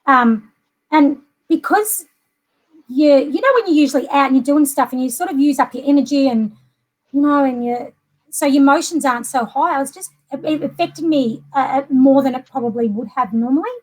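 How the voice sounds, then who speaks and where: A woman's voice: high voice, a little fast. A middle-aged Australian woman talking in a chatty, rambling way with many fillers in a casual conversation. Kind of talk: casual chat.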